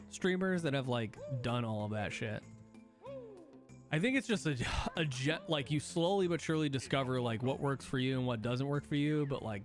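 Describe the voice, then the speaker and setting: A young man streaming a game, chatting casually, rambling and swearing as he restarts his sentences. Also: on the high side. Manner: swears freely, rambling, self-correcting. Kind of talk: casual gaming stream chat. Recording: music playing behind.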